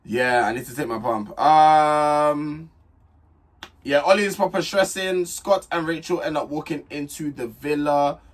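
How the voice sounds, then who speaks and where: A man's voice: fairly high pitch, unhurried. A young man giving a blunt, chatty vlog recap of a reality TV show, talking straight to camera. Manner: chatty, blunt and direct, frequent restarts. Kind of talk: casual review chat to camera.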